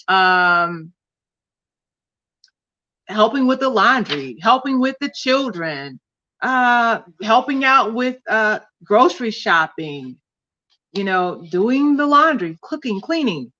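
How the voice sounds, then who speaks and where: A woman's voice: fairly high pitch, sharp tone, dull audio. A woman hosting a casual livestream chat, talking in a confiding way to viewers and reading out their comments. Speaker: host.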